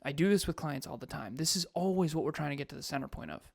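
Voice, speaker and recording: A man co-hosting a podcast and coaching, talking in an animated, emphatic way and laughing often. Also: a little high, quick pace, creaky, dry recording, studio quality. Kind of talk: casual podcast chat.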